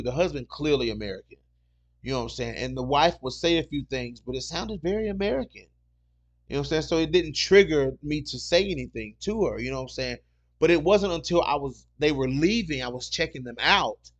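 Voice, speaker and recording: A man hosting a casual talk show, rambling and repeating himself as he tells stories and reads comments. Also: mid-range voice. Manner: rambling, repeats "you know what I'm saying". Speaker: podcast host. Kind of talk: casual solo chat reading comments.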